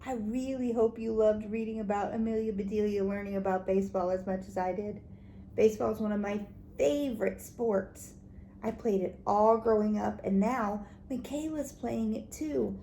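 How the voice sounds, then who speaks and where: A woman teacher reading a children's book aloud, animated and expressive, with soft whispered asides to the listeners. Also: mid-range voice, moderate pace, vocal fry. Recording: echoey room, faint background noise.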